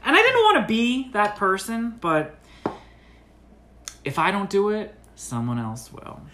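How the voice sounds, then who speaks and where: A man co-hosting a comedy podcast, telling a story in an animated way and acting out the quoted lines with big jumps in pitch. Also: unhurried, a little hiss or hum. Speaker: podcast co-host.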